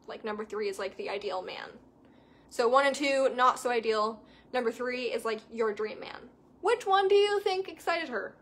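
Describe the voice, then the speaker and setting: A woman's voice: fairly high pitch, expressive, normal speed, fairly bright tone. A young adult woman coach chatting casually with viewers in an enthusiastic, emphatic way. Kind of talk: casual live chat to viewers.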